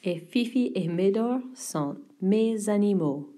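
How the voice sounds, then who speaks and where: A woman teaching a French vocabulary lesson, mixing English explanations with slow, carefully pronounced French words. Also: medium pitch, lively intonation, dark tone.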